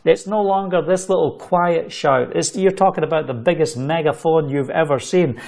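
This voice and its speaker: A man telling a story of faith as a sermon, animated and loose, with fillers. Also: a little high, moderate pace, vocal fry. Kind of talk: sermon testimony.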